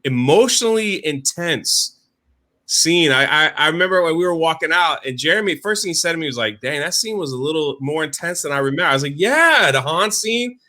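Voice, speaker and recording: A man co-hosting a casual live-stream chat, excitable and rambling, full of "like" and "freaking". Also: a little high, fairly quick. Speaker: podcast co-host.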